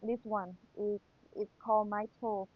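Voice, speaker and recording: A woman's voice: medium pitch, little pitch movement, a little slow, no room sound. A woman teacher with a Thai accent, patiently reviewing material for an exam and repeating key points. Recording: dull lo-fi sound.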